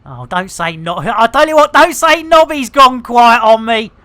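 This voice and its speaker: A man's voice: very high voice, expressive, normal speed, pushed and bright. A middle-aged man with an English accent chatting casually and animatedly while streaming, swearing freely and ranting. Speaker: game streamer.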